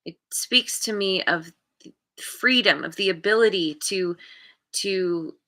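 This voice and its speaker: A woman reads tarot cards live, talking her way through each card at an unhurried pace. Her voice is bright and a little sharp, and her sentences meander and restart as she hunts for the right words. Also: mid-range voice. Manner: meandering, restarts often while searching for words. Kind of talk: live tarot reading, thinking aloud.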